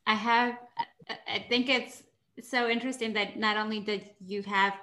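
A woman interviewing a guest in an encouraging, curious way. Her voice has a bright, forward edge, and she hesitates a little as she shapes each question. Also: fairly high pitch, steady tone, normal speed. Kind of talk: interview conversation.

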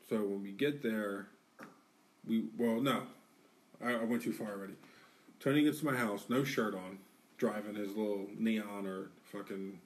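A man's voice: fairly low pitch, recorded from a distance. A man co-hosting a podcast, telling a rowdy story in a casual way. He swears a lot and acts out what people said. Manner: animated, profane, acts out quotes. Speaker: podcast co-host.

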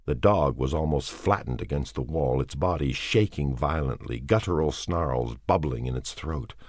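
Very deep-voiced male storyteller. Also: moderate pace, a little mellow, no echo, clean studio sound. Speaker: audiobook narrator. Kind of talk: dramatic audiobook reading.

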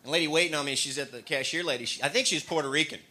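A man from the American Midwest doing an animated stand-up comedy routine in front of a laughing audience, often slipping into put-on regional voices. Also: on the high side, rapid-fire.

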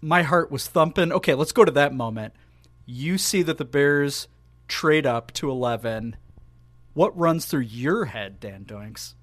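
A man's voice: medium pitch, animated, a little slow, no room sound. A man co-hosting a casual sports podcast, rambling in a playful, self-mocking way. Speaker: podcast co-host.

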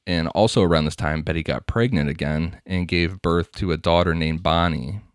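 Deep-voiced guy narrating true crime casually, dry mic. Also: steady tone, normal speed, dry recording. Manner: laughing, crude, conversational narration. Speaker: podcast host.

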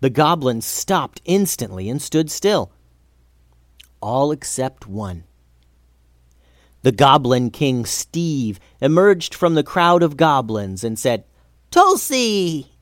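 A man narrating a children's adventure story in an expressive reading voice. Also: mid-range voice, slow, dry recording, clean studio sound.

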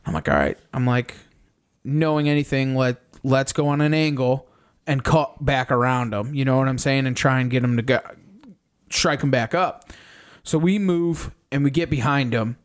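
A young man on a podcast, casually recounting a hunt in animated detail, swearing often and acting out his own reactions. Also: medium pitch, moderate pace. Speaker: podcast co-host. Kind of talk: casual storytelling recap.

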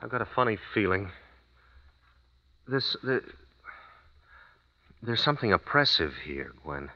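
An American writer on the road with his wife, hesitant and given to stammering, his voice low but lively. It is an old radio drama on a dull, lo-fi recording. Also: measured pace. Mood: uneasy. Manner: hesitant, stammers when uneasy. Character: American writer abroad, uneasy husband.

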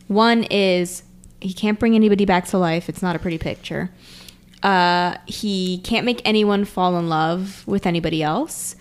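A woman's voice: lowish voice, smooth. Chatty woman retelling an anime plot. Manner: chatty, laughs easily, retells scenes. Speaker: podcast co-host. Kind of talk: casual chat recapping an anime.

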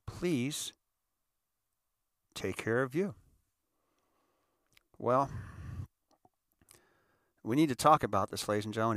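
Earnest, emotional man with a low voice. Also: fairly bright tone, no echo, studio quality. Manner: earnest, emotional, repeats words and restarts often. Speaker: podcast host. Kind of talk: casual heartfelt monologue.

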